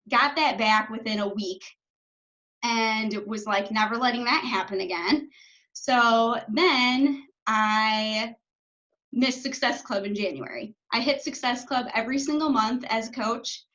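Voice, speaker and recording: A woman's voice: on the high side, a bit bright. Chatty young woman on a lo-fi call. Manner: chatty, fills speech with "like", swears when passionate. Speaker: coach. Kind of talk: casual talk on a video call. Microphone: video call.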